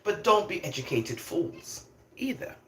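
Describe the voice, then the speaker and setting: A woman's voice: fairly low pitch, measured pace, a little hiss or hum. Emphatic older woman, roomy echo. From London, England. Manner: emphatic, animated, laughs often between points. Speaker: vlogger. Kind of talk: opinionated casual monologue.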